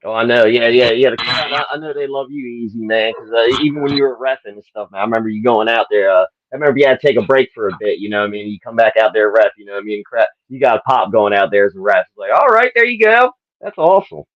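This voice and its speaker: A man with a Southern US accent, interviewing in a relaxed, filler-heavy chat style. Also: fairly low pitch, fast talker, few pauses, no echo. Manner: laid-back, lots of fillers, laughs often. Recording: dull lo-fi audio.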